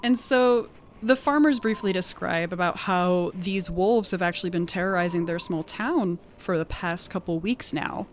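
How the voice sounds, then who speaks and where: A woman with an accent casually recapping a tabletop game session, animated and laughing often, peppering her talk with "like". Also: lowish voice, moderate pace, slight background noise. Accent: non-standard accent of her own. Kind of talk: casual storytelling chat.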